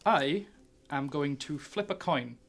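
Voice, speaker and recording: A man's voice: fairly high pitch, expressive, takes it slowly, fairly bright tone. A man running a tabletop game, narrating in a rambling way and laughing often. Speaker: game master.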